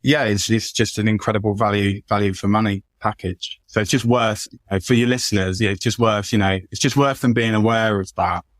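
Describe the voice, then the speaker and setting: A man's voice: lowish voice, fairly even intonation, fairly quick, few pauses, dry recording. A man, a guest consultant talking casually on a podcast, often repeating words as he goes. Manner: chatty, repeats words and restarts a lot.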